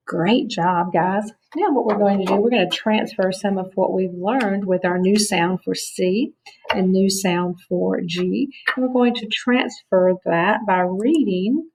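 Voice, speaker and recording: A woman teaching a phonics lesson to children, speaking clearly and encouragingly as she sounds out words. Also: medium pitch, a little mellow.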